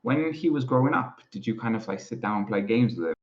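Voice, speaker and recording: A man's voice: on the low side, lively intonation, fast. A man co-hosting a podcast, joking and teasing casually. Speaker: podcast co-host. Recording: dull lo-fi mic.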